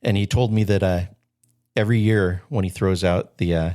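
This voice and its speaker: A man's voice: deep voice, steady tone, normal speed, dark tone. A man co-hosting a podcast in casual chat, chatty and laughing often as he tells stories. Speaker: podcast co-host.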